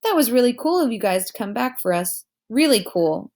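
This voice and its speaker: A woman's voice: fairly high pitch, sing-song, moderate pace, a little mellow. A woman voicing a friendly, eager schoolboy who talks in casual slang.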